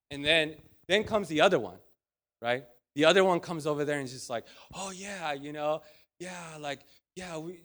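A man's voice: on the high side, a bit bright. A man preaching in a conversational, storytelling way, full of restarts and asides. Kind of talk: storytelling sermon.

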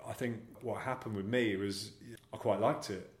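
A man's voice: lowish voice, steady tone, normal speed. A man speaking as an actor guest in a casual interview, telling rambling, self-deprecating anecdotes. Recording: echoey room.

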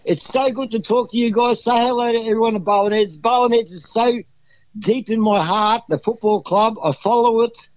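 Man, Australian accent, excitable storyteller, high-pitched, dead-dry sound. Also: normal speed, dry recording, lo-fi sound. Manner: exuberant, rambling, with many restarts. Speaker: podcast guest. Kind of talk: casual storytelling.

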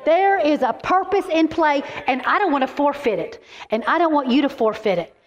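A middle-aged woman, giving a keynote as animated, emphatic sermon-style storytelling. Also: sits high, dull audio. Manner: animated and emphatic, quick asides. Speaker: keynote speaker. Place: large event venue.

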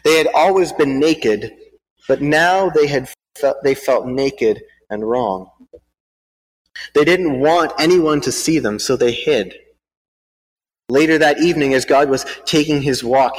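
A man's voice: medium pitch, husky. A man giving a sermon to a congregation. He halts and repeats words while speaking freely, then reads a storybook aloud. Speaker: preacher. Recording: long hall reverb.

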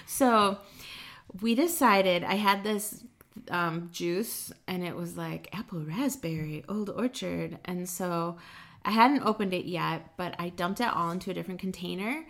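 A woman's voice: fairly low pitch, unhurried, gravelly. A woman in her thirties co-hosting a podcast, chatting casually at her home kitchen table and telling stories with plenty of fillers. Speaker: podcast co-host. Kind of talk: casual chat.

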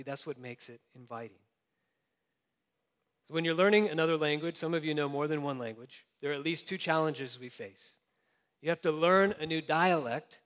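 A man's voice: a little high, a bit bright, in a large hall. A young adult man preaching a sermon, earnest and conversational with light laughs. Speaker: pastor.

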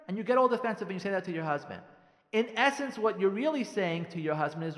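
A man, a rabbi, giving marriage advice in a radio talk, animated and repeating lines for emphasis while acting out the dialogue he describes. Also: high-pitched, fast, in a large hall.

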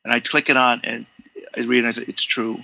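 Gravelly, bright-voiced man telling a story. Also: mid-range voice, fast, no room sound, muffled recording. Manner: animated, acts out quoted dialogue, many restarts. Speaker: interview guest, longtime fan. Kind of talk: conversational storytelling.

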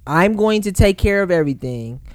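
A man's voice: high voice, expressive, a little fast, no room sound. A man in a casual group discussion, insistent, repeating himself to keep the floor. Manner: insistent, keeps repeating "listen" to hold the floor.

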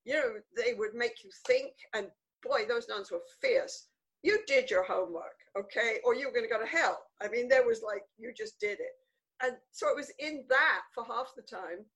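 Older Englishwoman, interview guest, slightly high voice, emphatic and repetitive for effect. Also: normal speed, husky, rough recording. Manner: animated, emphatic, repeats words for stress. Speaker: guest author. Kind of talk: conversational interview storytelling.

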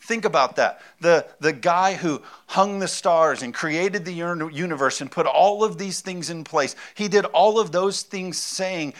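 A man's voice: fairly high pitch, measured pace, hardly any pauses, a bit bright. A man preaching a sermon as pastor, talking in a conversational, emphatic way and repeating his key phrases.

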